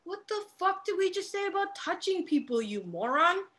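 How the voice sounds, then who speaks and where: A woman voicing a gruff, impatient woman inmate in a play reading, blunt and swearing. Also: very high voice, big pitch swings, moderate pace, a bit bright, voice pushed up, exaggerated voice. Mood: irritated.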